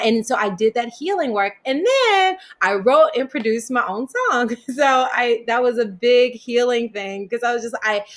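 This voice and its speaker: A woman guest in an interview, telling a personal story in a casual way and laughing often as she talks. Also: mid-range voice. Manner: animated, laughs while telling stories. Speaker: interview guest, yoga teacher.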